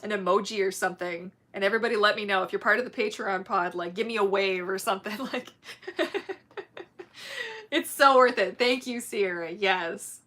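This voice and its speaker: A woman with German as her first language talks casually to her livestream viewers. Her voice is bright and forward, and she gushes, laughs a lot and strings thoughts together with many fillers. She sounds like she is at a home streaming mic. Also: mid-range voice, animated, normal speed. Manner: chatty, gushing, laughs often, many fillers. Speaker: livestream host.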